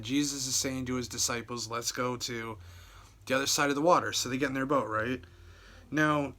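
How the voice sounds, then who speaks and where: A man's voice: mid-range voice, steady tone, normal speed, bright, forceful tone. A man giving a casual video sermon. He reads scripture aloud, then talks in a loose, conversational way, often repeating words and adding "right?" and "you know". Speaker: preacher.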